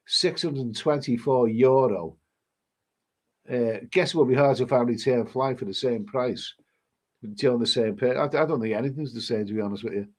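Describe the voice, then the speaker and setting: This travel vlogger has a medium-pitched, somewhat dark voice and sounds congested from a cold. In a relaxed live-stream chat, he wanders through viewer comments, frequently starting his sentences over.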